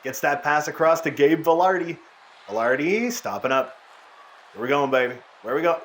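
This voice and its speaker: Excited man calling hockey gameplay. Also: on the high side, moderate pace. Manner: casual excited play-by-play, swears. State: voice worn out. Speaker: gaming YouTuber. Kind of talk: gameplay commentary.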